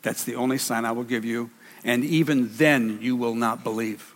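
A preacher voicing a firm, blunt male teacher, lower voice. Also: steady tone, moderate pace, close to an everyday voice. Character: firm adult male teacher refusing a demand. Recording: reverberant hall.

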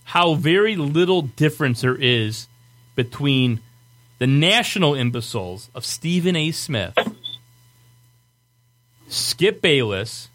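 A man hosting a sports podcast, running a playful quiz and reading quotes aloud slowly. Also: a little high, big pitch swings, a bit bright. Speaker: podcast host. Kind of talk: casual sports quiz banter.

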